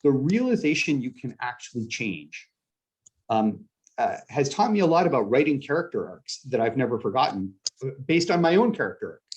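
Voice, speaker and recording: A middle-aged author from upstate New York, USA, with a Canadian-sounding accent chats in a casual interview using a mid-range, darkish voice that moves briskly and swings widely in pitch. His talk is rambling and self-deprecating, full of restarts and laughs.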